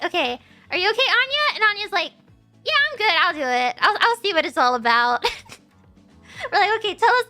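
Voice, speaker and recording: A woman with a very high, bright voice tells a story in a loose, chatty way. Her pitch jumps around a lot as she acts out the people in it, and she laughs often. Soft music plays behind her. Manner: animated storytelling, laughing often, acting out quotes. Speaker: streamer. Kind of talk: casual story time chat.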